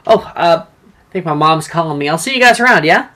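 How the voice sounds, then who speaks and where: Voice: mid-range voice, expressive, brisk, sharp tone, voice pushed up. A man doing a breezy, cheeky teenage boy wizard.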